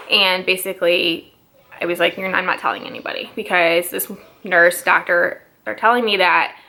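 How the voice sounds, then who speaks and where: A young woman talks straight to her viewers in a casual storytime vlog. Her voice is bright and clear, and she chats freely, filling her sentences with "like" and slipping into quick quoted exchanges as she retells the conversations. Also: mid-range voice. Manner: chatty, lots of "like", quotes others in her own voice. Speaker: mom vlogger.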